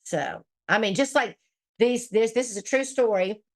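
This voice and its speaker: On a casual livestream, a female host reads viewer comments aloud and fires back bluntly, cursing freely and laughing frequently. Her voice sits on the higher side, and her pace is moderate.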